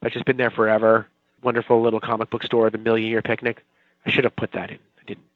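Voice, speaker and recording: A man's voice: fairly low pitch, completely flat delivery, fast, no echo, narrow, tinny audio. A man in his forties from the Boston area, a TV writer talking casually as an interview guest, rambling and self-mocking. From Boston area, Watertown.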